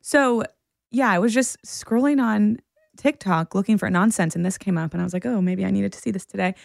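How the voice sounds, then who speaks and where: A woman co-hosting a podcast, telling stories in a relaxed, reflective casual chat. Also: mid-range voice, a little fast, vocal fry, dry recording, clean studio sound. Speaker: podcast co-host.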